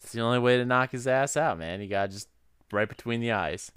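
A man's voice: mid-range voice, brisk, a bit bright, clean tone, no echo, clean studio sound. A man co-hosting a casual film recap chat, laughing often and swearing as he jokes. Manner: laughs often, profane, jokey. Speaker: podcast co-host.

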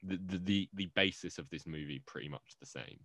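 A man with a low voice co-hosts a movie podcast, talking in loose, rambling, jokey chat. His voice sounds dry and close to the mic, with no room echo. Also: fairly quick, a bit bright. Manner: rambling, jokey, self-interrupting. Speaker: podcast co-host.

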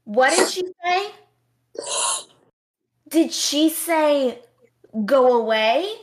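A woman voicing a confused elderly moviegoer who asks loud, querulous questions. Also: high voice, expressive, extremely slow, voice pushed up, heavily acted. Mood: bewildered.

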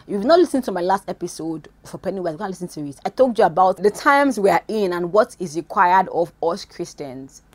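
A woman preaching an informal devotional talk, animated and swinging between loud exclamations and quiet asides, recorded on a phone. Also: medium pitch, no echo.

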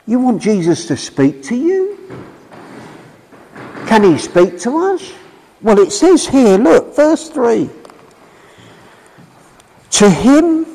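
A man preaching a sermon and telling his own story, emphatic, swinging from loud calls to low drawn-out words. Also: long reverb tail, low-quality recording. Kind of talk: street preaching sermon with personal testimony.

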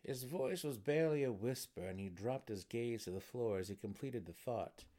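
A man narrating a fantasy novel as an expressive dramatic reading. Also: mid-range voice, normal speed.

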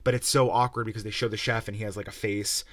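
A man's voice: on the low side, level tone, quick pace, no room sound. Foul-mouthed ranting young man. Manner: profane, rambling, sarcastic. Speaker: podcast host. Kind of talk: casual rant-style review.

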